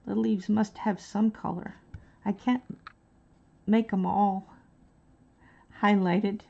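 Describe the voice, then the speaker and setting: Slow, hesitant woman with mild Texan accent. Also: medium pitch, steady tone, creaky, mellow, lo-fi sound. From Dallas, Texas. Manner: slow, hesitant, many fillers. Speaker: livestreaming artist. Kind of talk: casual chat while painting on stream.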